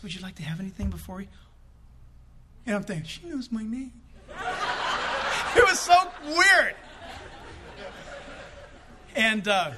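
Man preaching, high bright voice, lively swooping delivery, comic storyteller. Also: a little hiss or hum. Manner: animated, comic acting out of quoted voices. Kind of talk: storytelling sermon.

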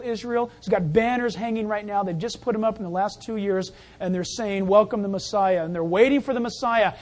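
A pastor giving a sermon in an animated, jokey way, acting out the scenes. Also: medium pitch.

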